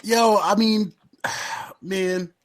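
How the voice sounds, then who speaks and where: High-voiced man, halting and hesitant. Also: steady tone. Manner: hesitant, halting, full of fillers. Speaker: podcast guest. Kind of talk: casual chat.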